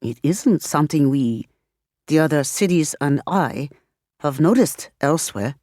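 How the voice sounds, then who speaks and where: A woman voicing a slow, guarded elder city man. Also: fairly low pitch, sing-song, mellow, no room sound, studio quality, full character voice. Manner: slow, measured.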